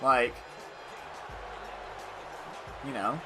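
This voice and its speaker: A man's voice: mid-range voice, fairly even intonation, moderate pace, pushed and bright, faint music behind. A man casually commentating a wrestling video game, chatty and rambling, joking at his own expense. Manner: chatty, self-deprecating, rambling with fillers. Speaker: gaming YouTuber.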